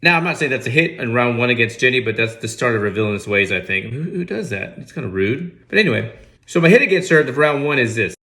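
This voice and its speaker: A man's voice: medium pitch, very animated, quick pace, sharp tone. A man giving casual comedic movie commentary, sarcastic and incredulous with mock outrage. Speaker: movie reaction host.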